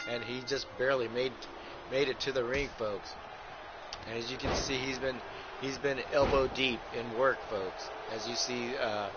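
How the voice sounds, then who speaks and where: A man hosting a wrestling video game livestream, calling the action like a ringside announcer with crude rhyming jokes and constant "folks". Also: mid-range voice. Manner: ringside announcer patter, keeps saying folks. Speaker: host and wrestling commentator. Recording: muffled lo-fi with clear background hiss.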